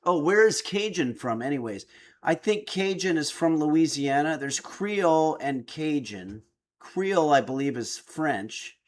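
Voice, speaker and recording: A man's voice: fairly high pitch, lively intonation, measured pace. A middle-aged man streaming, reading viewer chat aloud with dry, joking replies. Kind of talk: casual chat.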